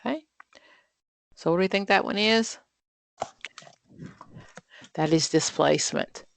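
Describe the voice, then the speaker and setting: A woman's voice: lowish voice, measured pace, creaky, dry recording. A woman instructor leading an exam prep study group, reading practice questions aloud and then quizzing and explaining in a chatty way, with frequent fillers and self-corrections. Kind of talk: live online study group lesson.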